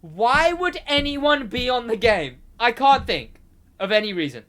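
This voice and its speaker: A young man co-hosting a casual podcast, rambling and animated, laughing often. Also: very high voice, measured pace. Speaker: podcast co-host, gaming segment host.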